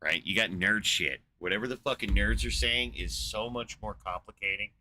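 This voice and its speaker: A man's voice: on the low side, normal speed, pushed and bright, a little hiss or hum. A man in a casual, rambling monologue, swearing a lot, incredulous and full of fillers. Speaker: podcast host. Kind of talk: casual profane rant.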